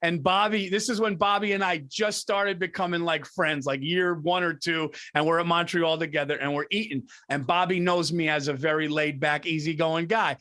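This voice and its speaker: Podcast co-host, middle-aged man, slightly high voice, animated profane ranting storyteller. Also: moderate pace, few pauses. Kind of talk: casual comedic storytelling.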